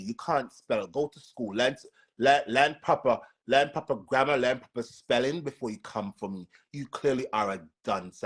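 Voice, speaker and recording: A man with a Jamaican accent chatting on a live stream. He answers viewer comments with sass and repeats his points several times. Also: mid-range voice. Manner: sassy and repetitive, talking straight back to commenters.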